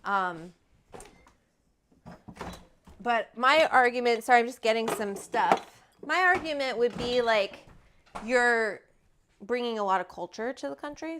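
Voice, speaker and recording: A woman's voice: a little high, lively intonation, unhurried, pauses often, a bit bright, slight background noise. A woman from Alberta, Canada, hosting a casual cooking livestream in her home kitchen, chatty and rambling with casual swearing. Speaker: cooking show host.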